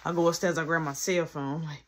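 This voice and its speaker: A woman retelling a personal story for a vlog, animated and slangy, rapidly quoting everyone with "I'm like.". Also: low voice.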